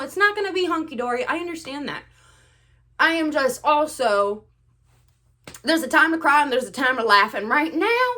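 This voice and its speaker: A young woman vlogger rants to the camera in a sarcastic, animated way. She swings between loud outbursts and quiet asides. Her voice sits fairly high and sounds bright and sharp. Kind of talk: ranting to camera.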